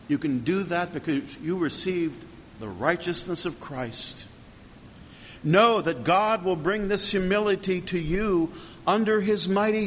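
A pastor delivering an earnest sermon, building to emphatic peaks and then dropping low. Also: male voice, in a large hall, a little hiss or hum. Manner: earnest preaching with rising emphasis.

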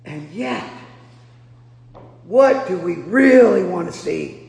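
A pastor from Nebraska preaching a sermon, telling self-deprecating stories and breaking into loud bursts. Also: male voice, a little high, a little slow, gravelly. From Nebraska, USA. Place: large church hall. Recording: echoey hall with long reverb.

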